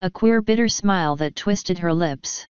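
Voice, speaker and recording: Slow, crisp-voiced woman narrator. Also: on the low side, darkish tone, dry recording, muffled recording. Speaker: audiobook narrator. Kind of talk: scripted narration.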